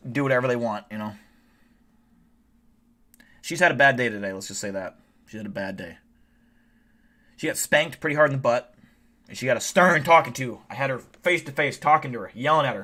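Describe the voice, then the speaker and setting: A man's voice: medium pitch, sharp tone. A man hosting a livestream, tired and a bit drunk, chatting casually in a rambling, profane way with lots of restarts. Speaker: livestream host.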